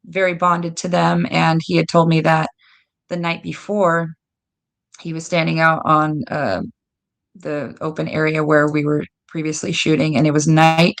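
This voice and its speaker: A woman guest telling lively stories in a casual interview, acting out quoted dialogue. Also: deep voice, measured pace, creaky. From United States. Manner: animated, lots of "like" and quoted dialogue. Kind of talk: casual storytelling.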